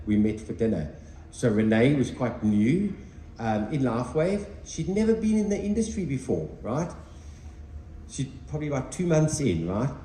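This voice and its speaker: Lively man telling a story in a roomy space. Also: mid-range voice, slight background noise. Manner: acts out both sides of a dialogue, emphatic. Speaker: network marketing presenter. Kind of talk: animated storytelling talk to a team. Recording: roomy recording with faint ambience.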